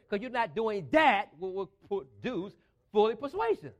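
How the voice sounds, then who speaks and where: High-voiced emphatic male preacher. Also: animated, fairly quick. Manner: emphatic call-and-response preaching with rising, driving phrases. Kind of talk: sermon.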